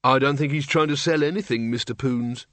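A man's voice: mid-range voice, brisk, fairly bright tone, dry recording, natural voice. A man voicing a level-headed young woman who speaks bluntly and evenly.

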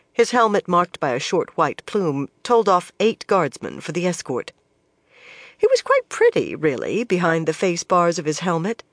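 Audiobook narrator, mid pitch, measured, expressive, dry close sound. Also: no echo. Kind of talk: scripted narration.

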